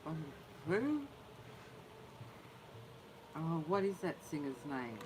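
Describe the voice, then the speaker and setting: A man's voice: fairly high pitch, sing-song, takes it slowly, darkish tone, a little hiss or hum, rough recording. A man co-hosting a livestream, chatting and reading out viewer comments. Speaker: livestream co-host. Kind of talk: casual chat with viewers.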